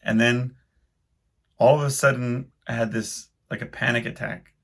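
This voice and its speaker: Gravelly man telling a rambling story. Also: mid-range voice, fairly even intonation, normal speed, a bit bright. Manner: rambling, self-deprecating, frequent restarts. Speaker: podcast host. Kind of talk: casual storytelling monologue.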